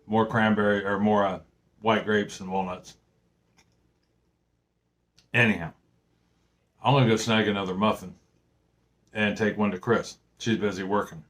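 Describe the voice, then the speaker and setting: Middle-aged male home vlogger, lowish voice, loose and rambling, many fillers and restarts. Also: steady tone, unhurried, pauses often, fairly bright tone. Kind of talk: casual chat.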